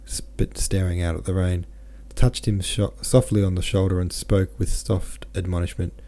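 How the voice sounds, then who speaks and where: A man hosting a podcast, reading a novel aloud with relaxed, chatty asides. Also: low voice, moderate pace. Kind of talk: casual commentary and audiobook reading.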